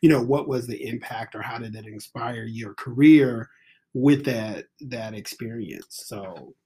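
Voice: mid-range voice, a little slow, warm tone, a little hiss or hum. A host running a casual music interview, encouraging and loose in the way they talk. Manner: upbeat, encouraging, loose and conversational.

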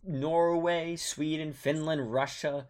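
A man's voice: a little high, steady tone, slow pace, over a noisy crowd. A young man hosting a casual podcast chat, rambling and laughing often. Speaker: podcast host.

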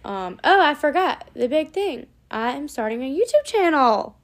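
A woman's voice: high voice, big pitch swings, moderate pace. A young woman vlogging in a casual, rambling way, swearing now and then as she chats. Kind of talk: casual chat to camera.

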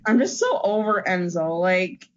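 A woman's voice: on the low side, very animated, unhurried. A woman in casual chat who talks hesitantly, with many restarts and fillers. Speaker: co-host discussing wrestling. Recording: dull lo-fi recording.

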